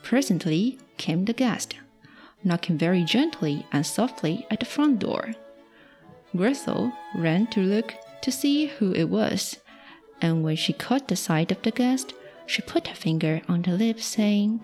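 A woman volunteer storyteller reading a fairy tale aloud to children in a slow, expressive read-aloud. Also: mid-range voice, soft background music.

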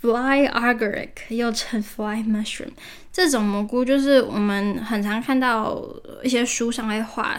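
A woman hosting a podcast, reading a storybook aloud and explaining it in chatty asides. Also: on the high side. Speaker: podcast host.

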